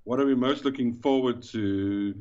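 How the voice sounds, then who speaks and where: A man with a South African accent, a guest in a podcast interview, explaining at length with pauses and fillers. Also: medium pitch, dark tone, clean tone. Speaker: guest, event organizer. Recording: dull, lo-fi sound.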